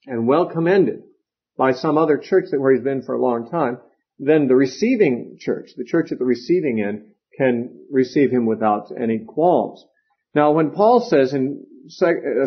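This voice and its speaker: Man, Bible lecture, husky voice, conversational with fillers and restarts, dull lo-fi recording. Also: mid-range voice. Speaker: Bible teacher. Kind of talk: lecture teaching.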